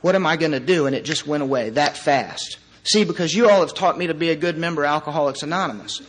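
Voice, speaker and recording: A man's voice: a little high, fast talker, a little hiss or hum. A young man speaking at a recovery meeting, telling his personal story in an earnest, conversational way.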